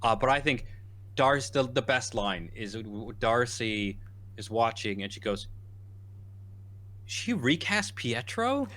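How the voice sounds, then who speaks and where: Man, podcast co-host, bright voice, rambling, animated quoting. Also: lowish voice, moderate pace. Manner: rambling, animated, quotes characters in lively bursts. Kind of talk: casual chat.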